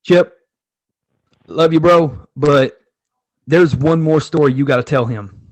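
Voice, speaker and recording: Male friend, slightly high voice, eager interrupter, loose and profane. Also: slow pace, a little mellow. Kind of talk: casual chat.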